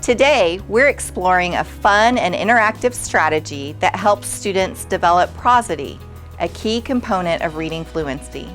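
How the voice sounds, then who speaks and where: Woman narrating a teacher-training video in a lowish voice. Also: lively intonation, fairly bright tone, faint music behind. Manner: clear, measured explanatory delivery. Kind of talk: scripted narration.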